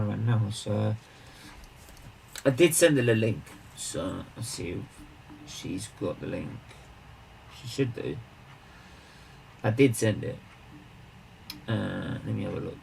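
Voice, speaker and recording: A man's voice: fairly low pitch, slow pace, gravelly, pauses often, a little hiss or hum, poor audio. A man hosting a charity live stream, chatting casually with viewers, rambling and restarting his sentences as he greets people and banters.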